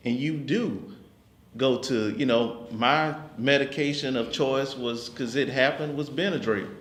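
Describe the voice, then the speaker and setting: A man leading a group talk, speaking in a measured, halting way. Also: mid-range voice, a bit bright, reverberant. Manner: measured, halting, restarts phrases. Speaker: group discussion host.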